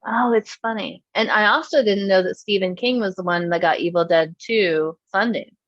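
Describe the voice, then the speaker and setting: A woman's voice: mid-range voice, moderate pace, no room sound, dull audio. A woman casually chatting as a podcast co-host, laughing often and acting out quotes while she tells stories. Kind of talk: casual chat, storytelling.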